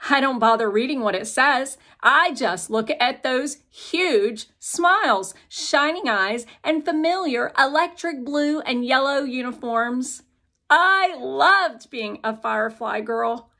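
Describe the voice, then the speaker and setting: A woman's voice: high voice, animated, slow, pushed and bright. A woman reading an audiobook aloud in the first person, speaking as a young girl telling her own story. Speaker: audiobook narrator.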